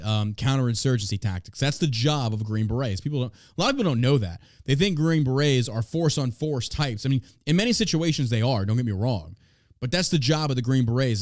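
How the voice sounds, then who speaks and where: A man's voice: medium pitch, no room sound, clean studio sound. A man hosting a podcast, reading news aloud and ranting about it in a blunt, profane, way. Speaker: podcast host. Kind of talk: casual podcast commentary.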